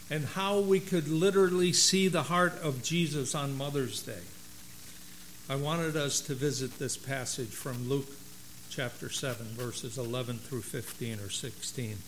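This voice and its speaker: A man preaching a sermon and reading a story aloud in a measured, storytelling way. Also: on the high side, fairly bright tone, slight background noise, poor audio. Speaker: pastor.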